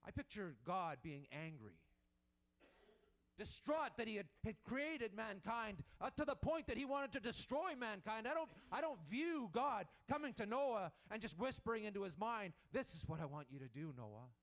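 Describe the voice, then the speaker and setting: A man's voice: high-pitched, animated, moderate pace, fairly bright tone. A man preaching a sermon in an earnest manner, repeating and restarting as he builds his points.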